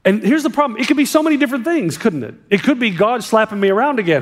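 A man preaching a sermon as a pastor, impassioned, swinging between hushed and emphatic delivery. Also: very high voice, expressive, fast talker. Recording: long reverb of a large hall.

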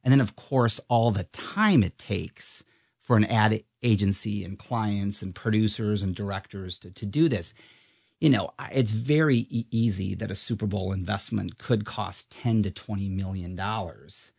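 A low-pitched, middle-aged man talks shop in an interview. He rambles and restarts, filling gaps with ums. The sound is dry and close. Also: moderate pace, creaky, darkish tone, dry recording. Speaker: advertising media guest. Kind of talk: casual interview chat.

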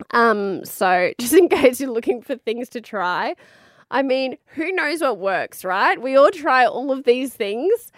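A woman's voice: fairly high pitch, no echo, studio quality. Frank, swearing Australian woman telling a story. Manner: frank and chatty, swears freely, laughs often. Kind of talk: candid personal storytelling.

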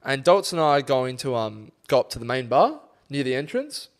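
A man's voice: medium pitch, big pitch swings, normal speed. A man co-hosting a podcast, telling a night-out story in casual chat, swearing freely and acting out quotes. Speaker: podcast co-host.

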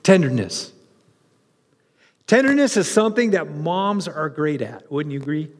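Brief: pastor, man, high voice, lively conversational preaching, long reverb of a church hall. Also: normal speed. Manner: animated, conversational, with restarts and asides to the congregation. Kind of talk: sermon.

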